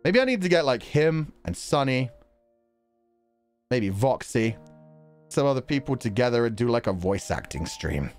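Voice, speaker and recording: A male streamer reads viewer donations aloud and chats casually, rambling from one idea to the next. His pitch leaps around expressively as he talks. A faint bed of music plays behind him. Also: normal speed, pauses often. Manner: animated and rambling, laughs often.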